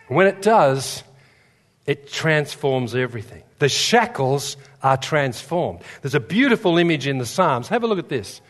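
Preacher in a reverberant hall. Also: male voice, fairly high pitch, animated, normal speed. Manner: storytelling, humorous, builds to fervent emphasis. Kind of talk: sermon. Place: church. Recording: long reverb in a large hall.

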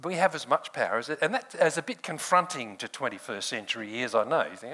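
A man's voice: medium pitch, fast, pushed and bright, rough recording. An older man preaching a sermon in a conversational way, laughing often and calling on people in the room by name.

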